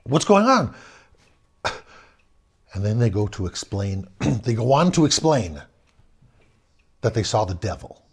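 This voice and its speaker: A man recounts an eerie childhood tale in a slightly husky voice. His pitch swings widely, leaping up for the exciting parts and dropping low and hushed for the frightening ones. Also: moderate pace, pauses often. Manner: animated, swings between loud bursts and hushed tones. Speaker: storyteller. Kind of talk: personal ghost story told aloud.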